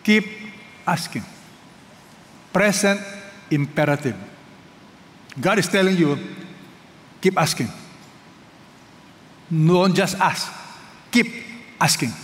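A man's voice: high-pitched, slow pace, long pauses, a bit bright. A man preaching a sermon, emphatic and leading the congregation to repeat phrases after him. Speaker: pastor. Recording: reverberant hall with faint noise.

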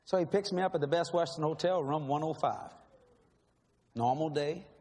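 Man, preacher, high voice, dramatic emphatic testimony, long reverb from a hall. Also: normal speed, darkish tone. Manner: dramatic, emphatic, laughing storyteller. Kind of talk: sermon testimony storytelling. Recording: long hall reverb, faint background hiss.

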